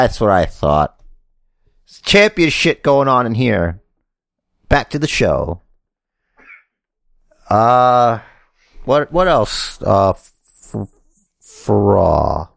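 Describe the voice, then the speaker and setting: A man's voice: fairly low pitch, sing-song, drawn-out words, gravelly, long pauses, no echo, studio quality. A man co-hosting a casual wrestling podcast, sarcastic and given to profane rants. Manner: sarcastic, ranting, swears a lot. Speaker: podcast co-host. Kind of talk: casual chat.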